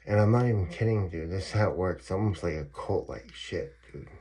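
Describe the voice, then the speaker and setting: Low husky-voiced man telling a story. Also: brisk, mellow. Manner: profane, emphatic, repeats himself. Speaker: vlogger telling his own story. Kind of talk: casual storytelling monologue.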